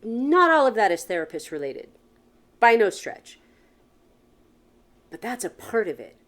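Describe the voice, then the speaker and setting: A woman's voice: mid-range voice, big pitch swings, brisk, fairly bright tone. A woman hosting a solo podcast, talking earnestly and frankly, posing many questions and swearing casually. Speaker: podcast host. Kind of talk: reflective solo podcast monologue.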